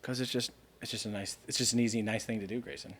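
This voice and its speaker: A young man from North Carolina, co-hosting a podcast in casual chat, emphatic and passionate and quick to swear. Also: lowish voice, steady tone, fairly bright tone. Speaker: podcast co-host.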